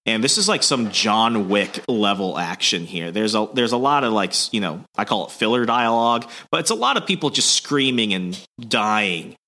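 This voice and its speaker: A man with a lowish but bright, forceful voice talks through a comic story in a loose podcast chat. He is casual, full of fillers, and swears freely. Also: expressive, moderate pace, hardly any pauses. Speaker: podcast host.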